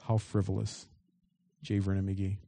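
A man's voice: low-pitched, completely flat delivery, measured pace, gravelly, dark tone. A man preaching a sermon as pastor. He reads scripture aloud and breaks off into emphatic asides.

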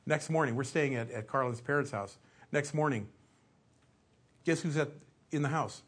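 A man's voice: mid-range voice, normal speed, a bit bright, husky. A middle-aged man preaching a sermon in a conversational, storytelling way, acting out little asides as he goes.

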